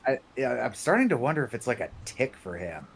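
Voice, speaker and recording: A man chatting on a reaction stream, telling stories with deadpan jokes. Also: mid-range voice, brisk, vocal fry, breathy edge. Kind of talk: casual banter.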